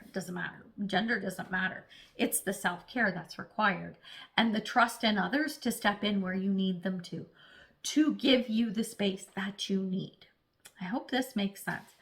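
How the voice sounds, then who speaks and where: Chatty woman doing a tarot reading. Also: mid-range voice. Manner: chatty, animated, acts out little voices; speaks of herself as an earth sign. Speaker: tarot reader. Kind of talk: casual spoken tarot reading.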